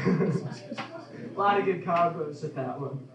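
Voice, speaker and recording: A young adult man performing a stand-up comedy set in a club, in an offhand, halting delivery full of ums. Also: fairly high pitch, crowd noise. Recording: echoey club from a distance.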